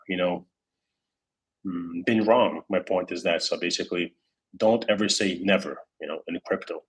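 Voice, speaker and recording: A man hosts a casual livestream in a deep, husky voice. He rambles along with plenty of fillers and false starts, reading out viewers' comments as he goes. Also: fairly even intonation, normal speed, a bit bright, rough recording. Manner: rambling, many fillers and restarts, reads chat comments aloud. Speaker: crypto livestream host.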